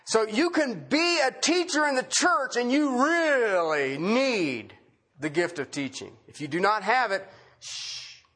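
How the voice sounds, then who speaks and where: Male preacher, high voice that swings widely, chatty sermon delivery with repeated phrases. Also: animated, a little slow, fairly bright tone. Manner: conversational, rhetorical questions, repeats key phrases.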